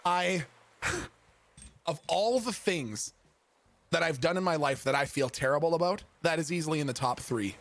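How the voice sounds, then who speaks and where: A man's voice: on the high side, normal speed, long pauses, a bit bright. A young man, a streamer, telling a funny story in a casual, profane, self-mocking way.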